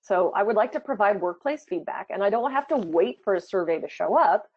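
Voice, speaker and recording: A woman talks through a live product demo casually, thinking aloud and using fillers as she goes. Her voice is expressive and brisk with a breathy edge. The sound is dull and low-fidelity, without echo.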